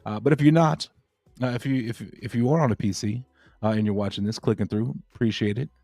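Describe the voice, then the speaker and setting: A man's voice: mid-range voice, fairly quick, mellow, no room sound. A man hosting a crypto livestream, chatting casually and rambling with lots of fillers and repeated phrases.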